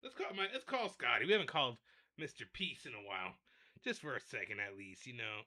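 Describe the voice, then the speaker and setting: A man's voice: mid-range voice, very animated, normal speed, bright, forceful tone. A young man hosting a livestream, ranting and rambling in a repetitive, fed-up way while addressing his viewers directly. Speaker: livestream host.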